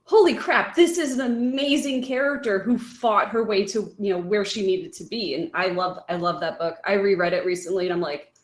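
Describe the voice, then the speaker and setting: A woman's voice: medium pitch, a little fast, few pauses, echoey room. A woman co-hosting a podcast, talking in an enthusiastic, gushing way in casual chat. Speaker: podcast co-host. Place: home kitchen.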